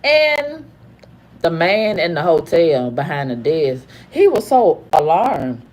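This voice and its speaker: A woman in her fifties telling a story in an angry, profane rant, repeating herself and swinging from low growls to high cries. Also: very animated, slow pace, darkish tone. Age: 50s. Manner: angry, profane, repetitive ranting. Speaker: vlogger. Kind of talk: heated storytime monologue.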